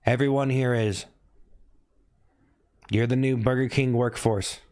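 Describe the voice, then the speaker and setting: A young livestream host teases viewers by name, calls out chat names and keeps repeating his jokes. His voice is medium-pitched, steady, a little slow and darkish.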